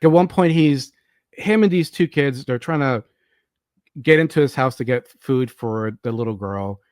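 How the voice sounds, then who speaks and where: A man hosting a podcast, chatting casually about a movie and telling stories with lively energy and frequent swearing. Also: medium pitch, moderate pace, no echo, studio quality. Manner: animated storyteller, swears, acts out quotes. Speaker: podcast host. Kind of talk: casual movie review chat.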